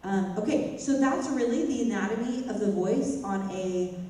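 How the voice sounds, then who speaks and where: A woman's voice: mid-range voice, normal speed, dark tone. A woman vocal coach teaching a worship singing class in a chatty way, breaking into sung phrases to demonstrate. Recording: echoey hall, mic from far off, faint noise.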